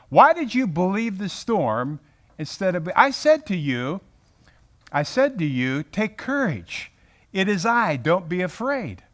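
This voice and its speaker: A man voicing a gentle, patient savior who tenderly rebukes a doubting follower. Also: sits high, exaggerated voice.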